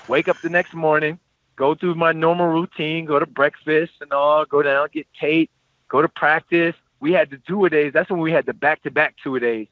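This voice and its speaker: Former athlete guest, 30s, male, lively slangy storyteller who repeats himself; dry, tinny phone-quality sound. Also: on the high side, moderate pace, dry recording. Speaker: podcast guest, former football player. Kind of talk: casual storytelling interview.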